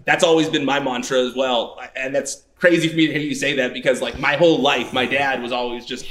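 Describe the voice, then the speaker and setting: A man's voice: medium pitch, fairly even intonation, fairly quick, fairly bright tone, reverberant. A man hosting a podcast in a casual interview chat, asking curious questions and laughing easily. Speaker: podcast host.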